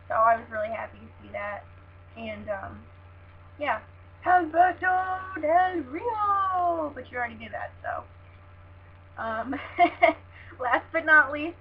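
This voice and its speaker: A young woman recapping wrestling in a casual, gushing, chatty way, with lots of "like" and "oh my God". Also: a little high. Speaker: wrestling fan vlogger. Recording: dull lo-fi sound with faint hum.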